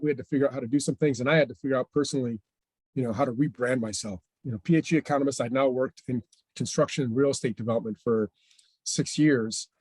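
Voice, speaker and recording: A middle-aged man telling stories in an interview, who acts out the lines of the people in them with lively changes of voice. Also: mid-range voice, no echo. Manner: animated, acts out quoted dialogue. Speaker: franchise owner guest. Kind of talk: storytelling interview chat.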